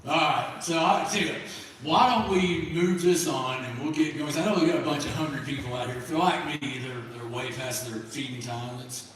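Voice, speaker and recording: A man talks in an easygoing, folksy drawl, his voice a touch high. He is picked up from far off in a very echoey hall, with faint noise in the background. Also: fairly quick, fairly bright tone. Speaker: program staff speaker. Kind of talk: casual stage banter. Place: large hall, live show.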